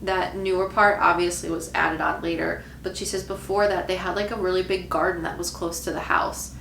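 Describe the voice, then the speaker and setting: A woman medium thinks aloud over a video, slow to commit and full of little fillers. Her voice sits a bit low. The room rings with echo under a faint hiss. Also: little pitch movement, gravelly, a bit bright. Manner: musing, hesitant, many fillers. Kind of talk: casual reaction commentary. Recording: echoey room with faint noise.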